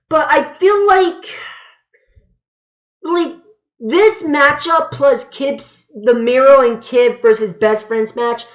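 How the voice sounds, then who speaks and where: A woman's voice: on the high side, fairly bright tone. A woman giving a casual, opinionated spoken review, rambling and stumbling over her words as she goes. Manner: emphatic and opinionated. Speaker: wrestling reviewer. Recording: slightly dull lo-fi sound.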